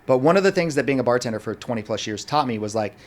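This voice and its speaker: A man talks quickly as a guest on a podcast, with a voice of ordinary pitch. He tells a story with energy and acts out what each person said. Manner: animated, acts out the dialogue of people in his story. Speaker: guest, restaurant owner and former bartender. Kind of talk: casual storytelling in a podcast interview.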